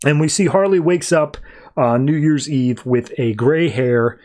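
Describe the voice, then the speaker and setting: Male podcast host, slightly higher voice, rambling casual comic recap. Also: unhurried, a little mellow. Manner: rambling, voices characters loosely in quotes.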